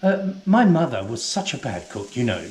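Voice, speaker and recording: A man's voice: mid-range voice, very animated, normal speed, darkish tone, close to an everyday voice. A man playing a posh housewife who hosts a comic cooking show in a home kitchen, calling everyone darling in an affected voice. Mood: posh chatty. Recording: roomy kitchen echo.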